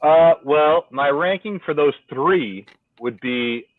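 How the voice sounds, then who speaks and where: A man co-hosting a casual podcast chat, telling stories in a profane, animated way over a remote call. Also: on the high side, slow pace, dry recording. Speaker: podcast co-host. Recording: tinny phone-like call audio.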